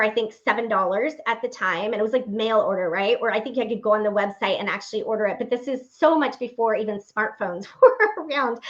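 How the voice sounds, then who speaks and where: A woman giving a personal faith testimony as a motivational speaker. She tells her story in an animated way and speaks earnestly and directly to her listeners. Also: on the high side. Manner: animated storyteller acting out remembered dialogue. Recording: dull lo-fi recording.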